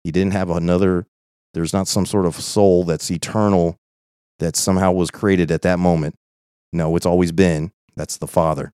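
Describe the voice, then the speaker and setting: A man's voice: low-pitched, fairly even intonation, moderate pace, dark tone, smooth, no echo, studio quality. A man teaching an informal Bible study in an earnest, conversational way, often checking in with "okay?".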